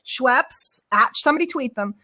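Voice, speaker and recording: A woman hosts a casual web show over a video call, talking at length in a chatty, storytelling way. Her voice sits a little on the high side, and she drifts easily from one tangent to the next. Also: animated, bright, forceful tone. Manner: chatty, rambling, quick storyteller. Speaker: show host. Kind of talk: casual online show chat.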